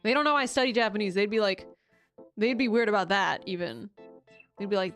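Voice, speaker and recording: A woman's voice: mid-range voice, fairly quick, long pauses, fairly bright tone, soft background music. A woman streaming casual chat, rambling with frequent restarts, swearing casually and laughing often.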